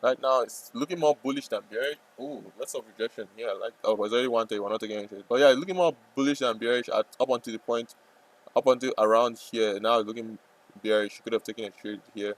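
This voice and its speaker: A man's voice: mid-range voice, quick pace, poor audio. Rambling, jokey man streaming his trades. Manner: rambling, jokey, bursts into loud playful yelling. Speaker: trading streamer. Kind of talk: casual live-stream commentary.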